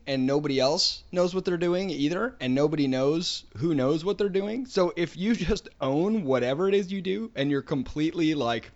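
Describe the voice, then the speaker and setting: A man hosting a podcast, talking casually and thinking out loud. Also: fairly high pitch, muffled recording. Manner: thoughtful, musing out loud. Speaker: podcast host. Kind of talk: casual conversation.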